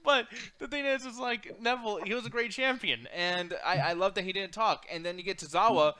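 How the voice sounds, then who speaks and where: A man in a casual chat on a video call, profane and ranting, given to loud laughter. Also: high voice, brisk, clean tone. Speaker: podcast co-host. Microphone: video call mic.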